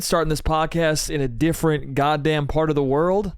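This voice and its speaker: A young man riffing through a solo comedy podcast monologue, loose and rambling, peppered with profanity and "dude." His voice is a touch high for a man, smooth and clean, and it is recorded close and dry with no room echo. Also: normal speed, hardly any pauses. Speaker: podcast host.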